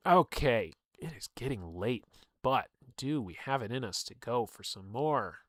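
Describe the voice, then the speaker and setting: Young male streamer, casual read-aloud with banter, mid-pitched, dead dry close mic. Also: expressive, measured pace, no room sound. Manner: reads aloud with chatty asides and laughs. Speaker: streamer reading a game book. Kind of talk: casual livestream read-through.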